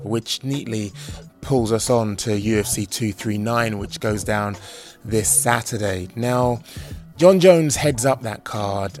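A man hosting a casual chat, measured and thoughtful, with some hesitant restarts. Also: fairly low pitch, darkish tone. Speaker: podcast host and interviewer. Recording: dull lo-fi sound with faint music.

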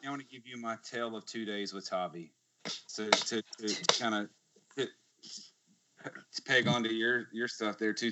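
Man telling a story, lo-fi. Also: on the low side. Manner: animated storytelling, laughs often. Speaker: podcast co-host. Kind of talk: casual chat, anecdote. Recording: slightly muffled lo-fi podcast audio.

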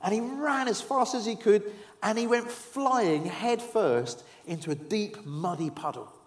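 A man in his forties preaching a sermon, telling stories with humour and dropping to soft, earnest tones. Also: sits high, a little slow. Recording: echoey hall.

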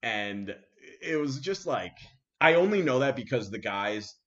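A man host telling a story casually, animated, with many fillers, acting out what people said. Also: medium pitch, measured pace. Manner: animated, full of fillers and acted-out quotes. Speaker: podcast host. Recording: dull lo-fi sound.

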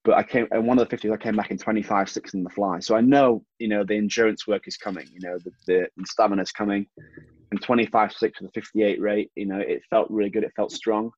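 Low-voiced English man, chatty and relaxed. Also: fast talker, no echo, highs cut off. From England. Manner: relaxed, chatty, frequent "you know". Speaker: swimmer, guest. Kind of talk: casual interview.

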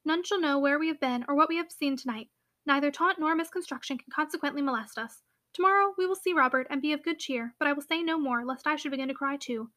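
A woman reading the part of a spirited young heiress in a classic novel audiobook, firm and slightly stern. The voice is bright and brisk, and it sounds used to giving orders. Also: sits high.

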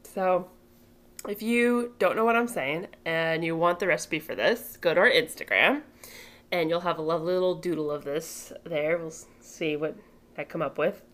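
A woman's voice: lowish voice, normal speed, a bit bright. Giggly rambling podcast co-host woman. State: tipsy. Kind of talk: casual chat.

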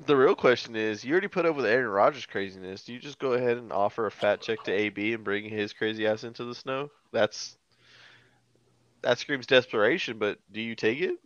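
A man's voice: medium pitch, a little fast, a bit bright, no room sound, lo-fi sound. A man co-hosting a sports podcast, joking and giving loose opinions. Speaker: podcast co-host. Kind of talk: casual sports podcast chat.

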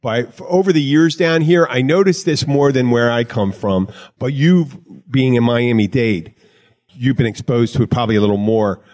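A man's voice: mid-range voice, normal speed, darkish tone. A middle-aged man hosting a casual chat show, talking in a rambling way with restarts and laughs. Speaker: podcast host.

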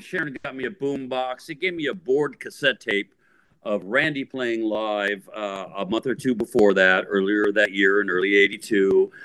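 A man in his sixties from the Bay Area, a rock guitarist telling a story in a casual interview, lively and full of fillers. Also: fairly low pitch, smooth, no room sound. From San Francisco Bay Area, USA. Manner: animated, acts out voices, lots of fillers.

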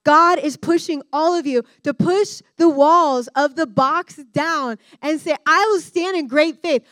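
A young adult woman giving a candid, animated personal-story sermon to students as a guest speaker. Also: high-pitched, measured pace, no echo. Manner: candid, animated storyteller who addresses the room directly. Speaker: guest speaker at a discipleship school.

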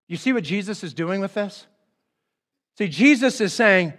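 Man, pastor, conversational sermon, high-pitched, lively delivery. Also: fairly quick. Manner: conversational, animated, acts out the speakers in the Bible stories.

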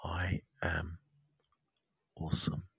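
Australian male counsellor, low husky whisper, unhurried meditation guide. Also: completely flat delivery, no echo, rough recording. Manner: slow, soft and soothing, repeating mantras. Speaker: counsellor and podcast host. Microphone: close to the mic.

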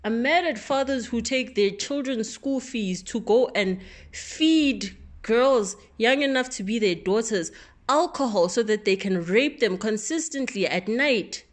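A woman performing an impassioned spoken-word monologue, fiery and profane, moving between raised outbursts and low, bitter confession. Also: lively intonation, a little slow. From South Africa.

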